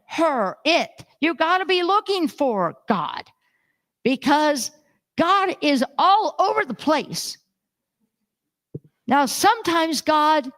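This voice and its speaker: A woman minister preaching a sermon, telling stories animatedly and acting out the voices of the people in them. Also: sits high. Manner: animated storytelling, acts out voices. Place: church sanctuary.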